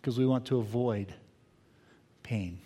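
Older pastor preaching in a reverberant hall. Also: male voice, mid-range voice, breathy edge. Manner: earnest, reflective, shifting between quiet pauses and emphatic bursts. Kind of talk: sermon. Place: church sanctuary.

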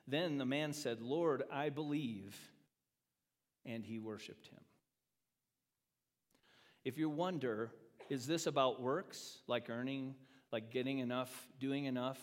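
Male pastor, lively sermon delivery that dips soft and rises loud, acts out the quotes; reverberant church room. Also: medium pitch. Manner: animated, acts out quoted speech, swings from loud to quiet. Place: church sanctuary. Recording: long reverb of a church hall.

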